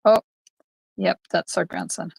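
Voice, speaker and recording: A woman's voice: fairly low pitch, fairly even intonation, measured pace, creaky, husky, dry recording, low-quality recording. An older woman, a card-making instructor, chatting to viewers during a live-streamed craft tutorial in her home craft room. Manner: chatty, talks to viewers while stamping.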